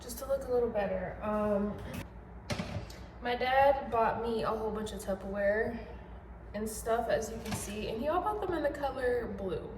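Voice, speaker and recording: A woman's voice: on the high side, moderate pace, echoey room, noisy background. A young pregnant woman chatting casually while she cooks in her home kitchen, rambling and laughing often. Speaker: vlogger.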